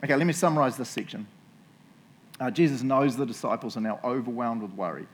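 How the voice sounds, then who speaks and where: Casual jokey New Zealand preacher. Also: male voice, mid-range voice, fast talker. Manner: casual, jokey and conversational, often asking the crowd "right?" and "eh?". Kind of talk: sermon.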